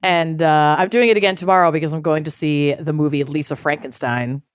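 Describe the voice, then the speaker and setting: A woman's voice: deep voice, fairly quick, clear, resonant tone, no echo, studio quality. Chatty, enthusiastic woman podcast co-host. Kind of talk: casual chat.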